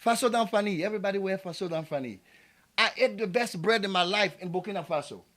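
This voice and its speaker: A man's voice: high voice, fast, a bit bright. A man from Ivory Coast, giving an impassioned tribute speech at a community event and building to emphatic, repeated calls. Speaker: community speaker. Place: small cafe event space.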